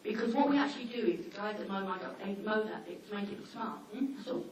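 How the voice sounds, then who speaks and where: A woman talking informally to a seminar audience about dogs, chatty and anecdotal, slipping into quick acted-out asides. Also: mid-range voice, darkish tone. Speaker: dog behaviour trainer giving a seminar. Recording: echoey hall, mic far off, faint noise.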